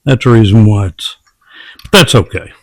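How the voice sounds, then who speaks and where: A man's voice: on the low side, moderate pace, dry recording. A man casually narrating step by step as he builds garden doors at a work table. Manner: plain, matter-of-fact step-by-step talk. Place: workshop or outdoor work table.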